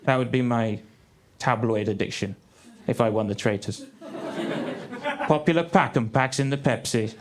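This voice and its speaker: Guy doing deadpan standup on a theatre stage, audience laughing loud over him, live theatre sound. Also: mid-range voice, moderate pace, a crowd in the background. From England. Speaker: stand-up comedian. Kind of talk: stand-up comedy set.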